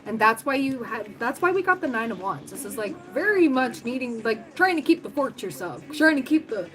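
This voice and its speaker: A woman's voice: fairly high pitch, big pitch swings, a little fast, fairly bright tone, rough recording. A woman giving a livestream tarot reading, talking casually and thinking aloud with lots of fillers. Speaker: tarot reader. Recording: music playing under the voice.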